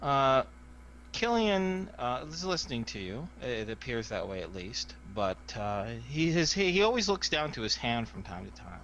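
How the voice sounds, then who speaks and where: A man's voice: medium pitch, sing-song, moderate pace, a bit bright, highs cut off, slight background noise. A man narrating as game master, with lots of fillers.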